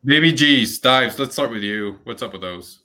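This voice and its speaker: A man co-hosting a casual movie chat, animated and laughing often, repeating phrases as he talks. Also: medium pitch, normal speed, a crowd in the background. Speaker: podcast co-host.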